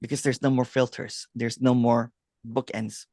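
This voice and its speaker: Man, host, casual video-call chat, laughs a lot, animated storytelling, dry close sound. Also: medium pitch, normal speed, no echo. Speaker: host, non-duality guide.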